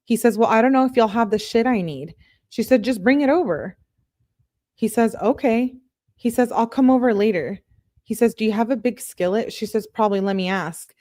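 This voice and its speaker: A woman's voice: on the high side, moderate pace, dark tone, dry recording, clean studio sound. A young woman reading text messages aloud as a true crime commentator, with casual chatty asides.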